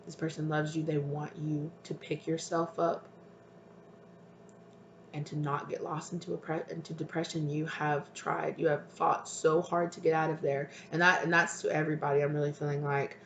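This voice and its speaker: Tarot reader, soft and hesitant, mid-pitched, echoey room with light background noise. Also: flat delivery, moderate pace. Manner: soft, tender, hesitant, calls listeners "my love". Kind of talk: intuitive tarot reading to viewers. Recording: roomy with faint ambient noise.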